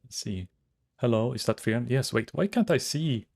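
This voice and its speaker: A man's voice: mid-range voice, expressive, moderate pace, gravelly, darkish tone. A man chatting casually to his viewers while streaming a game, rambling as he browses and reads chat.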